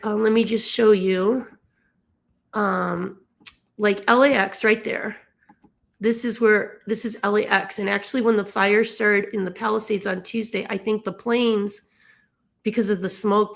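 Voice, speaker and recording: A woman from the Los Angeles area, emotionally tired, explaining things casually in a halting way, with many fillers and stumbles. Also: mid-range voice, vocal fry. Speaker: dog rescue volunteer. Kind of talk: casual explainer while sharing a map on screen.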